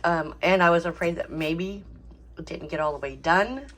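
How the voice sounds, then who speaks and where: A woman's voice: lowish voice, moderate pace, a bit bright. A woman hosting a home cooking channel, talking casually with frequent ums and small laughs. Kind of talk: casual cooking vlog chat.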